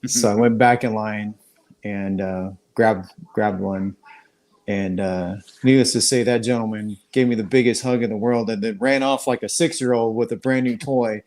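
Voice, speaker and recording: Low-voiced man telling a rambling story. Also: steady tone, moderate pace, darkish tone. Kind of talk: casual chat. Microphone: video call.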